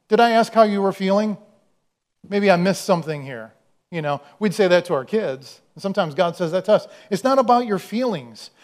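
A man with a notably high-pitched voice preaches a sermon. He talks in a loose, conversational way, tells stories and throws questions out to the congregation. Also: a little mellow. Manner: conversational, storytelling, acts out quoted voices. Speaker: pastor.

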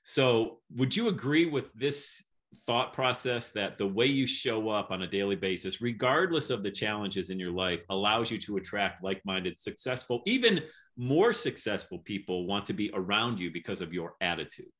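A man's voice: fairly low pitch, lively intonation, moderate pace, fairly bright tone. A man hosting a podcast interview, talking in an upbeat, chatty and encouraging way. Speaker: podcast host.

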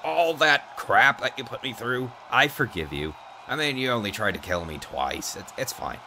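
A man giving comedic gameplay commentary, trash-talking with profanity and excited outbursts. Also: medium pitch, moderate pace, noisy background. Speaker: gaming YouTuber.

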